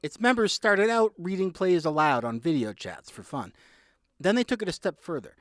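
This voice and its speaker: A man reporting a scripted radio news feature in a lively, measured delivery. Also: on the high side.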